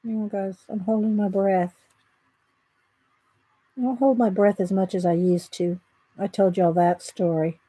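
A woman's voice: mid-range voice, steady tone, unhurried, pauses often, warm tone, husky, no echo, low-quality recording. A woman, chatting casually with viewers while she draws in her home art room. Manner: chatty, thinking aloud, talks to viewers. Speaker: artist livestreaming her work. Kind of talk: casual livestream chat while drawing.

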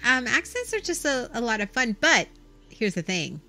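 Bright-voiced chatty woman podcaster. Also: a little high, very animated, moderate pace, soft background music. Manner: chatty, laughs often, lots of "like". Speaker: podcast co-host. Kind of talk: casual chat.

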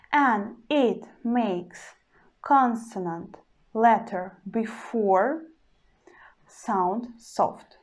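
Speaking at a medium pitch, this language teacher moves very slowly and deliberately through a pronunciation lesson. Example words get repeated several times, and there's a slightly non-native feel to how she phrases her English.

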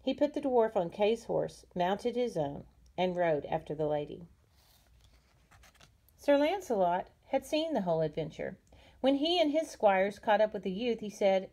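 Woman, storybook reader for a class, warm mellow tone, gentle unhurried delivery. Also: mid-range voice, very animated. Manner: gentle, unhurried reading with small slips. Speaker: teacher reading aloud. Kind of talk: storybook read-aloud.

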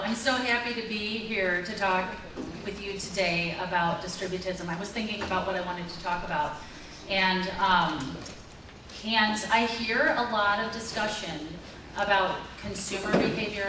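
A woman giving a conference lecture in a chatty, joking way, with casual fillers. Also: mid-range voice. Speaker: conference speaker. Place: large echoey hall. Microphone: distant mic. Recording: echoey hall, far-off mic, background noise.

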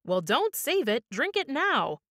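A woman's voice: high-pitched, big pitch swings, unhurried, fairly bright tone, dry recording, voice pushed up, exaggerated voice. A woman voices an earnest young lad in a storybook, urgent and pleading with a lilt. The voice moves up and down a lot and sounds dry and close.

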